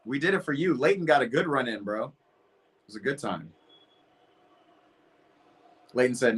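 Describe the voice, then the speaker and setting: A man's voice: medium pitch, normal speed, long pauses, husky. Chatty young man reacting to football. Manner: animated, chatty, reacting to the match and chat. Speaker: host of a match watch party stream. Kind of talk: casual live reaction chat.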